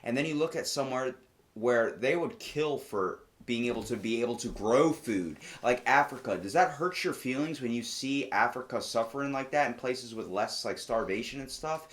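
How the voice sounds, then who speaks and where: A man hosts a loose podcast chat and gets worked up, hitting his points hard and swearing freely. His voice sits at a middling pitch, and it rings in a room with a lot of echo. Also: lively intonation, moderate pace. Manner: heated, profane, emphatic. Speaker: podcast host. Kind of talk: casual conversation.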